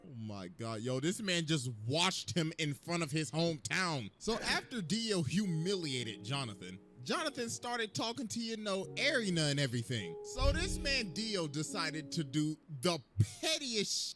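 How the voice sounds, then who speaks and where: A man narrating a comic parody in slangy, excitable bursts, with music playing behind. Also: on the high side, normal speed, few pauses. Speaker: comedy narrator.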